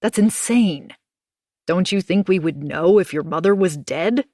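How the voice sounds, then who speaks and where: A woman reader voicing a steady husband who speaks in a firm, soothing way. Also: lowish voice, unhurried, no echo, clean studio sound. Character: steady reassuring husband, adult man.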